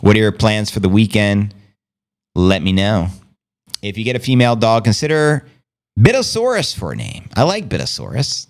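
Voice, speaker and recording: The host's voice is lowish and gravelly, with big pitch swings at a moderate pace. On his casual livestream, run through a streaming setup, he's brash and playful, swearing a lot and using slang of his own creation.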